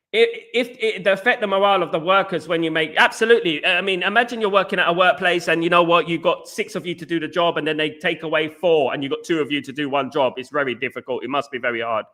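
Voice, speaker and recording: A man's voice: on the high side, fairly even intonation, fairly quick, bright, forceful tone. A man hosting a football live stream, ranting heatedly, repeating himself and greeting viewers in the chat. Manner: heated, repetitive, talks back to chat. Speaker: football podcast host. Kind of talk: casual live-stream rant.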